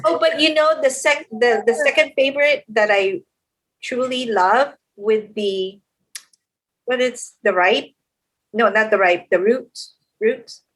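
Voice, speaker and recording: A woman's voice: fairly high pitch, takes it slowly, fairly bright tone. A middle-aged woman with a Filipino accent, the hosts' mother, answering questions in a casual podcast chat, hesitant and searching for words.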